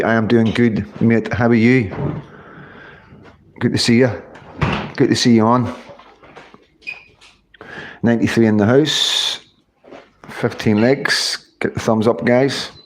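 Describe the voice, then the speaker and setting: A man's voice: mid-range voice, a little hiss or hum. A man hosting a casual livestream chat, greeting viewers one by one by name in an informal way. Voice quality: informal, uses local words. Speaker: livestream host.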